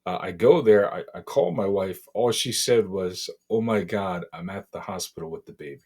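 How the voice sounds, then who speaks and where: A middle-aged man from Boston, a podcast guest, telling a painful personal story in a halting, emotional way with many fillers. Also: sits low, darkish tone, breathy edge. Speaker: interview guest.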